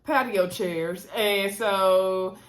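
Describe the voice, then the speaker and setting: A woman's voice: mid-range voice, drawn-out words. Female recap host, casual gossipy delivery, acts out quotes. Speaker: reality show recap host.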